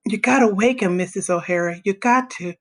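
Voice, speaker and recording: A woman's voice: medium pitch, a little fast, natural voice. A woman voicing a scared boy who pleads breathlessly on the phone late at night. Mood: pleading.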